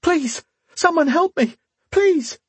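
A man voicing a sly, sharp-tongued young woman in a fantasy audiobook, who hisses curtly and then screams shrilly in fake terror. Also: big pitch swings, normal speed, husky, no echo, exaggerated voice. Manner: curt hissing turning to shrill fake screams.

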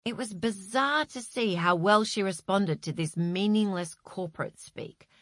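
Woman, audiobook narration, measured, expressive, dry close sound. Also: medium pitch, no room sound. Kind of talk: scripted narration.

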